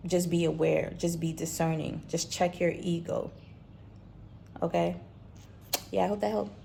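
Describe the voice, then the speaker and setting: A woman's voice: lowish voice, steady tone, measured pace, creaky, warm tone, a little hiss or hum. A woman talking as a spiritual vlogger, earnest and repetitive in a coaching tone. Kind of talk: reflective spiritual talk.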